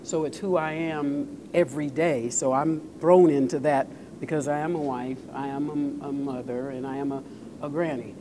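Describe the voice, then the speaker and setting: A woman's voice: sits low, steady tone, moderate pace, noisy background. An older woman, an actress guest, answering interview questions in an earnest way, often repeating words as she thinks.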